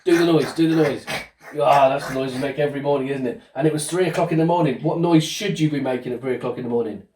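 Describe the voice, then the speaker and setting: A man's voice: medium pitch, fast, noisy background. A man giving a home-school lesson with a child, asking coaxing questions in a cheerful way. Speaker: presenter. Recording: roomy sound from a distance.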